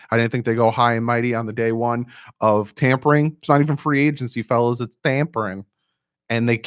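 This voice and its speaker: A man hosting a sports fan live stream, talking excitedly, repeating himself and reading chat messages aloud. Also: medium pitch, dry recording, clean studio sound.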